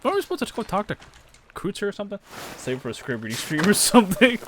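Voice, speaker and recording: A man's voice: high-pitched, sing-song, quick pace, a crowd in the background. Swearing, chuckling game streamer man. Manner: profane, chuckling, thinking aloud. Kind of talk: casual gameplay commentary.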